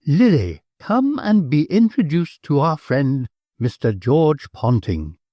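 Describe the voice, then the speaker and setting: A man's voice: very animated, takes it slowly, dry recording, muffled recording. A man voicing a proud, imperious aristocratic countess in an audiobook, speaking in a raised, persuasive voice. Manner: proud, persuasive, high-pitched. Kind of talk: audiobook character voice.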